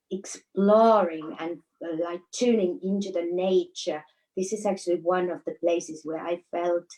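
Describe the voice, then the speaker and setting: A woman's voice: lowish voice, darkish tone, poor audio. Finnish woman telling stories, laughing. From Finland. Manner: storytelling with frequent laughs and hesitations. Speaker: guest, dancer. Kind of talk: casual interview chat.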